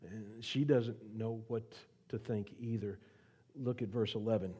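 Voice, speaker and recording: A man delivering a sermon as a guest pastor, swinging from loud pleas to hushed whispers and asking the congregation to repeat lines. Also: fairly low pitch, steady tone, unhurried, slightly rough. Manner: asks the audience to repeat lines.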